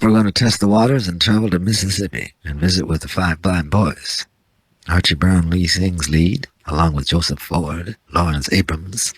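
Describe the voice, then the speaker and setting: A man's voice: low-pitched, breathy edge, no echo. A man hosting a radio music show, introducing records in a laconic, dry-witted scripted patter.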